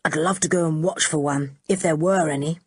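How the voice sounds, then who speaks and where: A woman voicing a confident, cheerful teenage boy who talks in a brisk, reassuring, hearty way in a storybook reading. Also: sits low, fairly even intonation, slightly rough, no room sound, clean studio sound.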